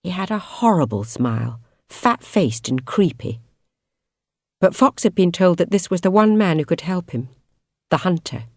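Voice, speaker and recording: A woman reading a novel aloud as an audiobook narrator, in expressive, measured storytelling. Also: lowish voice, dry recording, clean studio sound. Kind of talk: scripted narration.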